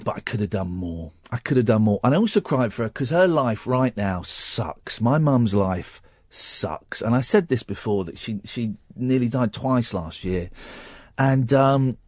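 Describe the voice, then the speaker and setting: Radio host guy, choked up and halting, voice swings up and down a lot, dry studio sound. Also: medium pitch, lively intonation, a little mellow, no echo. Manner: halting and tearful, with many restarts. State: close to tears. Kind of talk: emotional personal story on radio.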